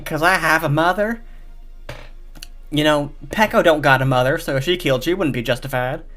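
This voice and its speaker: A man's voice: fairly high pitch, moderate pace, fairly bright tone, natural voice. A man voicing a sleazy young male chef with a southern twang and a frantic, smarmy way of talking, with faint music behind.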